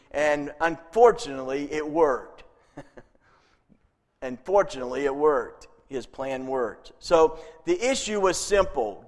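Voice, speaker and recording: A male pastor preaching a sermon in a chatty way, chuckling at his own jokes. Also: on the high side. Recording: long reverb from a hall.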